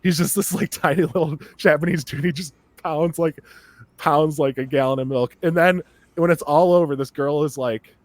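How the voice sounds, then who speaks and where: A man co-hosting a podcast, rambling excitedly in casual chat and laughing often as he talks. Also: fairly high pitch, normal speed. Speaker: podcast co-host.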